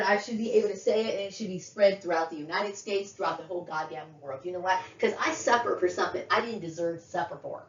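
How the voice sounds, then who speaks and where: A woman's voice: fairly low pitch, fast talker, hardly any pauses. A woman venting in a profane, agitated personal rant to camera, stumbling over restarts and flaring into outbursts. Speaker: vlogger. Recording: roomy, distant, dull lo-fi sound.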